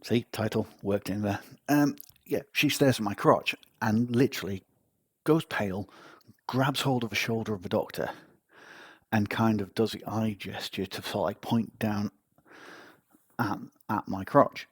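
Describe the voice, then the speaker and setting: Husky-voiced man telling a wry story. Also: fairly low pitch, a little slow, dry recording. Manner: wry, self-mocking storyteller. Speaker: podcast host. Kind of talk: casual anecdote telling.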